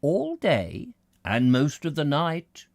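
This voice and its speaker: A man voicing a pompous, self-satisfied male spirit medium who hesitates and stammers, then speaks slowly and grandly. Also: a little high, huge pitch swings, a little mellow, no echo, studio quality, voice pushed up, exaggerated voice. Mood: weary.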